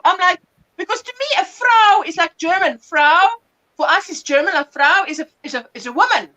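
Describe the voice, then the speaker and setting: A woman with a South African accent hosting a casual livestream chat, telling stories with animated bursts of laughter. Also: very high-pitched, moderate pace, poor audio. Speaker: livestream host.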